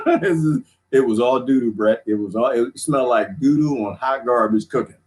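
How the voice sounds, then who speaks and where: A man's voice: medium pitch, fairly quick. A man hosting a live stream, telling crude, funny stories in casual chat with his viewers and laughing often. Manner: animated storytelling, crude joking, laughs often.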